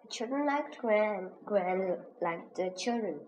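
A woman slowly reading a children's reader aloud as a lesson, pronouncing each word with care. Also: medium pitch, lively intonation, a little mellow. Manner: slow, careful, clearly pronounced. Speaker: reading teacher. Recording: dull lo-fi recording with faint hiss.

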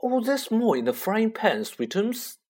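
A man's voice: sits high, very animated, measured pace, a little mellow, slightly rough, voice pushed up, heavily acted. Man putting on a cooing, doting aunt. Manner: cooing, fussing. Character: doting fussy middle-aged aunt.

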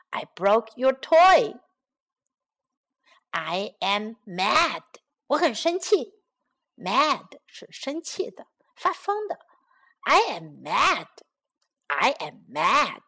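A woman tells a children's story and then teaches it phrase by phrase, repeating each line slowly and gently for young learners. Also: fairly high pitch, big pitch swings. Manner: slow, careful repetition of each phrase. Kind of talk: bilingual storytelling lesson for children.

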